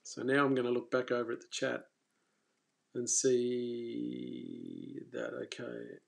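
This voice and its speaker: A man hosting a fishing live stream, telling a story casually and with energy, stumbling and restarting, then trailing off quietly. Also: mid-range voice, slow pace, gravelly. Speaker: fishing coach and channel host.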